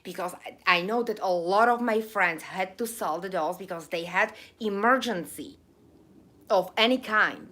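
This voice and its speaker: A woman's voice: mid-range voice, moderate pace, sharp tone. A woman hosting a live stream who gets emotional and heated, speaks with a noticeable accent and breaks off to read her viewers' chat. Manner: emotional, ranting, speaks with an accent she calls funky. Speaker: livestream host reading viewer chat.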